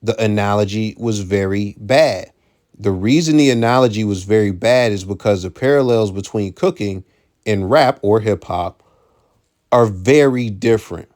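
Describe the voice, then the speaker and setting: A man's voice: on the low side, a little slow, a little mellow. A man giving casual commentary, blunt and profane, who repeats his key points for emphasis.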